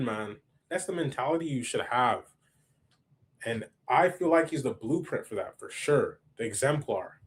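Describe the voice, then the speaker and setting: Excitable young man reacting, slightly breathy. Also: mid-range voice, moderate pace. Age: young adult. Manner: excitable, laughs often, repeats himself. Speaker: reaction channel host. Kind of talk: casual reaction commentary.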